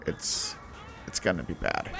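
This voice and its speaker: A man's voice: measured pace, a bit bright, faint music behind. A man hosting a role-play gaming video, chatting casually, playful and self-deprecating. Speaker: let's-play host. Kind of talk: casual gameplay commentary.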